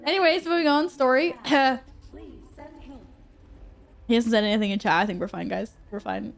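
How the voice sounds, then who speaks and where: A young woman chatting casually on a game stream, joking and rambling with quick self-corrections. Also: fairly high pitch. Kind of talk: casual live-stream chat while gaming.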